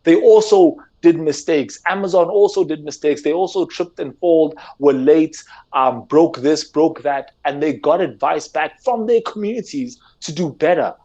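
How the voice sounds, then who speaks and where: This podcast guest is a gamer from South Africa whose voice sits fairly high, with a dark tone and a normal speed. In a South African English accent, he argues earnestly and with animation in a relaxed chat, frequently repeating words as he pushes his view. The sound quality is lo-fi.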